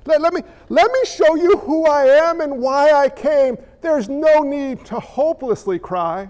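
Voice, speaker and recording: A man voicing Jesus as a tender, comforting grown man, speaking softly and gently. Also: extremely high pitch, a little slow, long reverb tail, dull audio. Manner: soft, gentle, reassuring.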